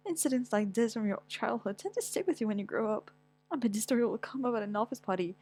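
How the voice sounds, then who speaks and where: A young woman reading a manga aloud with dramatic, stammering delivery and wailing outbursts. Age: young adult. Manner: animated, quick pitch swings, stammers, whiny wails. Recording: dry close mic with faint music.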